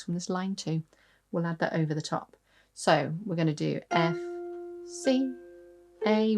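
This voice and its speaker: A woman giving an online harp lesson, patient, counting aloud and singing out rhythms as she explains. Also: fairly low pitch. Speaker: harp teacher. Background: harp playing.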